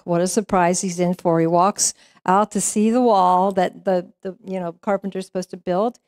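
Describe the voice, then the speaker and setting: A woman's voice: lowish voice, a little mellow, dry recording, studio quality. A woman minister giving a sermon, telling a story in a conversational way with frequent fillers. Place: church sanctuary.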